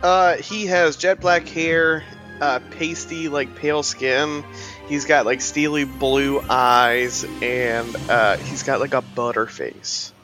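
A man's voice: medium pitch, little pitch movement, slow pace, sharp tone, faint music behind. A man playing a tabletop game, chatting casually with lots of fillers and easy swearing. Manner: laid-back, swears casually, many fillers. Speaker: player.

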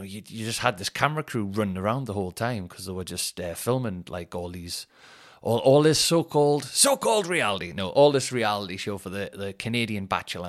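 Podcast host, man, slightly low voice, rambling, jokey anecdotes with lots of fillers. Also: a bit bright. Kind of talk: casual storytelling.

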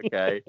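A man on a casual podcast, answering a quiz with dry, wry banter and the odd laugh. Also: no echo. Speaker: podcast co-host, quiz contestant. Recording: dull lo-fi dry audio.

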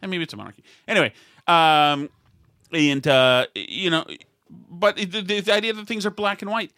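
Rambling man in his fifties, bright voice. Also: a little high, normal speed, no echo, studio quality. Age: 50s. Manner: meandering storytelling with many restarts. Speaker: podcast host. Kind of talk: casual political chat.

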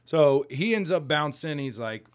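A man's voice: on the high side, animated, a little slow. A man co-hosting a podcast, casually recapping a comic book in a rambling, profane way, with laughs along the way. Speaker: podcast co-host.

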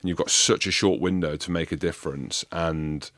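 Deep-voiced man, chatty ex-player host. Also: moderate pace, dry recording. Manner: swears freely, animated tag questions. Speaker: podcast host, retired rugby player. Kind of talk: casual storytelling chat.

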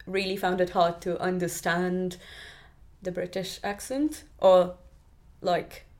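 A woman's voice: on the low side, little pitch movement, slow pace, darkish tone. Chatty young Indian woman. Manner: chatty, many restarts and "like" fillers. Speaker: podcast guest. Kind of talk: casual storytelling in an interview.

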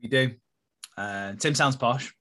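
A man's voice: medium pitch, slow pace, sharp tone. Jokey man hosting a podcast. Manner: jokey, laughing, promotional. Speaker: podcast host. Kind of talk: casual chat among friends.

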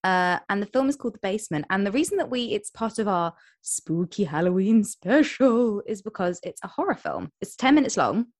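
A young woman co-hosting a podcast in casual chat, retelling plots with quick quoted voices. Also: medium pitch, very animated, dry recording. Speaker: podcast co-host.

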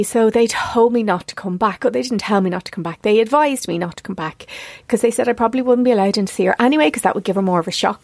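A woman in her forties hosting a podcast, talking in an earnest, confessional monologue and quick to get emotional. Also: mid-range voice, vocal fry, darkish tone, dry recording. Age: 40s. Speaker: podcast host.

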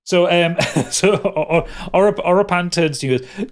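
A man's voice: on the high side, moderate pace, hardly any pauses. A man narrating and running a tabletop role-playing game for friends, describing scenes in a rambling, casual way. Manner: rambling, restarts mid-sentence, laughs with players. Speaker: game master.

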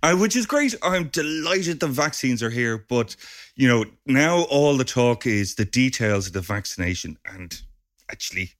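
A man co-hosting a podcast, chatting casually and answering with short, relaxed remarks. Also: medium pitch, normal speed. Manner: relaxed, brief responses, laughs along. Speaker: podcast co-host.

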